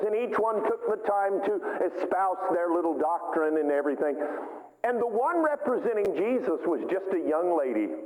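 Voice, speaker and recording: A man's voice: high voice, darkish tone, echoey room, in a large hall, low-quality recording. A man preaching a sermon as pastor, with sweeping, emphatic rises in his delivery. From United States.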